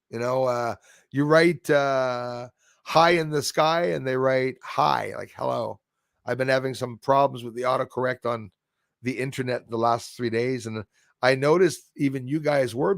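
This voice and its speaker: A man with a gravelly, creaky voice chats loosely on a live stream, greeting viewers one by one and reading their comments aloud. He is recorded close and dry, with no room sound around him. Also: medium pitch, no echo. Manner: rambling, greets viewers and reads chat aloud. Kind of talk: casual live stream chat.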